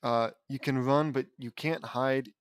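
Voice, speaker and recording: A man's voice: medium pitch, steady tone, a little slow, smooth, dry recording, close to an everyday voice. A man reading as a rocker girl's spooky song. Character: teenage rocker girl singing a spooky song.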